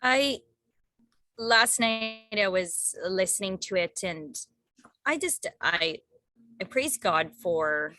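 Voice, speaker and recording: A woman's voice: medium pitch, takes it slowly, no echo, clean studio sound. A woman talking casually in a group discussion, rambling with many restarts and asking "right?" as she goes, acting out what others say. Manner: animated quoting of others. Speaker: book group member.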